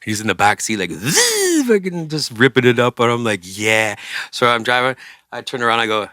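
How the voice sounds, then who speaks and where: A man's voice: mid-range voice, quick pace, bright, forceful tone, dry recording, studio quality. A man, a singer and interview guest, telling a story casually, acting out quoted voices and swearing freely.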